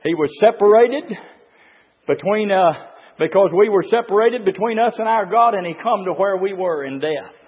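Brief: impassioned male preacher, very high and lively voice, shouts then drops low, dull echoing hall recording. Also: moderate pace. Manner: impassioned, swings between shouting and low murmurs. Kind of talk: fervent sermon to a men's gathering.

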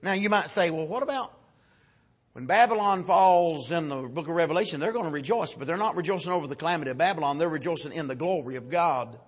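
Brief: male preacher, fairly high pitched and husky, folksy delivery, big swings between shouting and quiet. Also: quick pace. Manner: swings from loud shouting peaks to low quiet asides, folksy. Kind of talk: sermon.

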